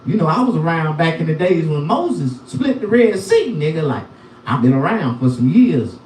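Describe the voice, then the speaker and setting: Middle-aged male stand-up comic, lively high voice, profane and rambling, mic heard roomy and distant. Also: normal speed, a little hiss or hum. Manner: profane, animated, repetitive storytelling. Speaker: stand-up comedian. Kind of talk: stand-up comedy storytelling. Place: live comedy venue. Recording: echoey room, from far off.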